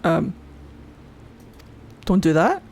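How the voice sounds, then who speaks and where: A woman's voice: fairly low pitch, very animated, extremely slow, darkish tone. A woman streamer giving rowdy, gushing commentary as she plays a game. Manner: rowdy, gushing, cheering at the screen. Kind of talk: excited let's play commentary.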